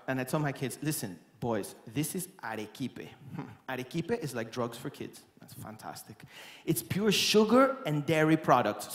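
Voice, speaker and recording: A man giving a lively, playful keynote talk to a live audience as a conference speaker and musician. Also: medium pitch. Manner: lively and playful, breaking into song and acting out quotes. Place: large conference hall, on stage. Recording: echoey hall with long reverb and faint music.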